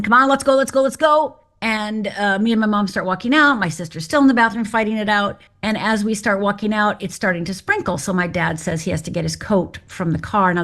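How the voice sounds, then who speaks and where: A woman's voice: medium pitch, fairly bright tone. A middle-aged woman from Upper Michigan, a guest on an interview show, telling her life story in a candid, direct and wry way.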